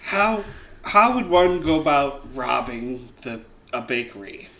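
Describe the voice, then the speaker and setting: Young male co-host, bright tone, playful and boastful in casual banter. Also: medium pitch, lively intonation, slow, vocal fry. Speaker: podcast co-host. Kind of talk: casual comedic chat.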